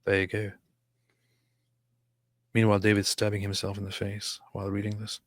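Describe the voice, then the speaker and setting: A man's voice: lowish voice, completely flat delivery, moderate pace, no room sound, clean studio sound. A man hosting a casual livestream, reading viewer comments aloud and laughing often. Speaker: livestream host reading chat.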